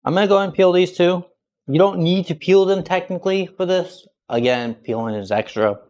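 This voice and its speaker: A man hosting a casual cooking live stream from his home kitchen, rambling as he peels and chats with viewers. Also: mid-range voice. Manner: rambling, chatty, talks to chat and a cat.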